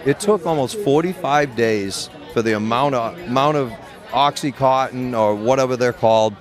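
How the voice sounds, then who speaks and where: Over music, a middle-aged man interviewed about being a medical cannabis patient and grower speaks at medium pitch and normal speed, telling his story in a blunt, profane, rambling way full of restarts.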